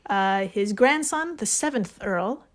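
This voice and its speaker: A woman's voice: medium pitch, expressive, slow pace. A woman hosting a podcast, telling a story in casual chat, laughing and swearing as she goes. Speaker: podcast host.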